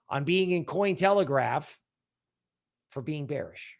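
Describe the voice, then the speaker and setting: A man's voice: on the high side, unhurried. A man hosting a crypto livestream, talking casually and animatedly, often mocking other people's worries in quoted voices. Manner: animated, sarcastic, mock-quoting others.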